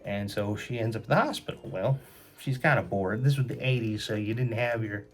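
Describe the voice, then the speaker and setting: A man's voice: on the low side, a little fast. Brief: man telling a children's story, chatty and moralizing, faint music behind. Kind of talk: kids' story retelling.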